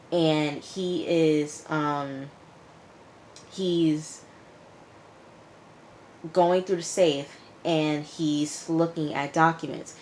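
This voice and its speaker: A woman's voice: low-pitched, darkish tone, slight background noise. A woman giving a casual recap of a TV episode, retelling scenes with "he was like" and making frank asides to the viewer. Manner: chatty retelling, quotes characters with "he was like". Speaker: TV show reviewer.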